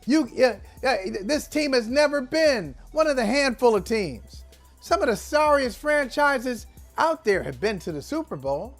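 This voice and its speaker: A man's voice: very high-pitched, very animated, a little slow, faint music behind. A man co-hosting a casual sports talk show, teasing his co-host with rambling questions full of restarts.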